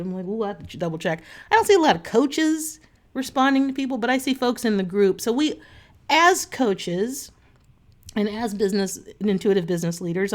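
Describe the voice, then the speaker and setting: A woman speaks to her online group as their coach, in an earnest, chatty way. She talks off the cuff, with lots of fillers and restarted sentences. Her pitch sits in an ordinary middle range. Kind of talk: casual talk to camera.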